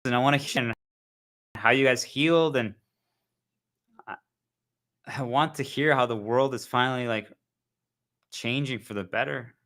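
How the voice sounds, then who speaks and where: A man's voice: mid-range voice, measured pace, long pauses, a bit bright. A man talking earnestly to his viewers in a rambling monologue, often calling them guys. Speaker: spiritual vlogger.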